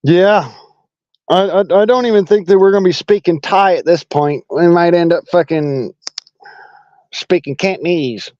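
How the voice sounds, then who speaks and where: A man's voice: high-pitched, moderate pace, darkish tone, dry recording, lo-fi sound. A man from Arkansas with a Southern accent, hosting a casual political monologue in a blunt, profane, rambling way. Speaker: online talk show host.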